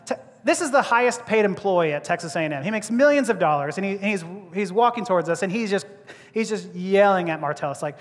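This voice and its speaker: A man preaching a sermon as a pastor, telling a story with lively acted-out voices and frequent laughter, in a church. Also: sits high, quick pace. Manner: animated storyteller, acts out voices, laughs often. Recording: long hall reverb.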